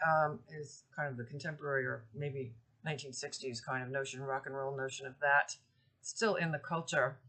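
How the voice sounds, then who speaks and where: A woman's voice: sits low, normal speed. Lady prof talking thru an old poem, easygoing, lots of uhs and ums. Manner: relaxed explaining, with frequent ums and uhs. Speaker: literature lecturer. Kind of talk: informal recorded lecture.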